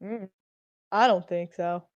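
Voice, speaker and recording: A woman's voice: on the low side, steady tone, takes it slowly, no echo, dull audio. Tentative woman player, dry sound. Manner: musing, tentative. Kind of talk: casual tabletop play.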